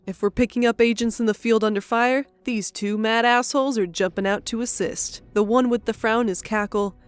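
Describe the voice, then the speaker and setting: A woman's voice: on the high side, steady tone, moderate pace, smooth, no echo, soft background music, close to an everyday voice. Woman playing a sardonic seasoned female colonel. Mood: brisk. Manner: mocking, sardonic. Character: teasing seasoned female air force colonel.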